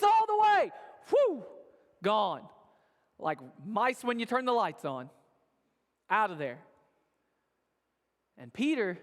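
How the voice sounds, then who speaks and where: A male pastor with a very high-pitched, somewhat bright voice tells a sermon story in a casual, chatty way, often asking "right?". The long reverb of the church auditorium hangs on the recording.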